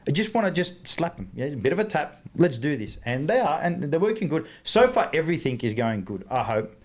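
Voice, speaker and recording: A man's voice: a little high, big pitch swings, brisk. A man with an Australian accent talking bluntly as a podcast guest, often circling back and restarting his sentences. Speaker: guest, engine builder. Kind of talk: casual podcast chat.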